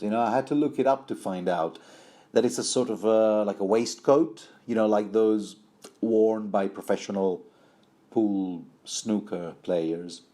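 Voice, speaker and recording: A man's voice: lowish voice, mellow. A man giving a rambling, wry commentary on a novel, digressing often as he reads passages aloud. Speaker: book commentator.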